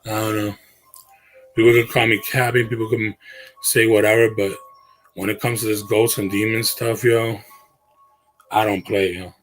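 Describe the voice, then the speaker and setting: This bedroom livestream host has a fairly low voice and a flat delivery, moving at a moderate pace with long pauses. Soft music plays under the poor-quality audio while he talks to viewers in slangy, sincere speech that often trails off and restarts.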